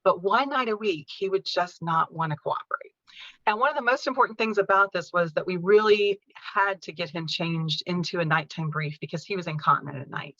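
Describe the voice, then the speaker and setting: A woman telling a personal caregiving story in an interview, speaking earnestly and gently. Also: fairly low pitch, dry recording, muffled recording. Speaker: podcast guest, caregiving author.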